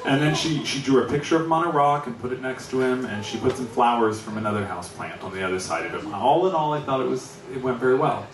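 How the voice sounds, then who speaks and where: A man's voice: medium pitch, fast, hardly any pauses. A middle-aged man doing stand-up, telling a story in a wry, conversational way with frequent chuckles. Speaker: stand-up comedian. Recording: echoey, distant mic with noise.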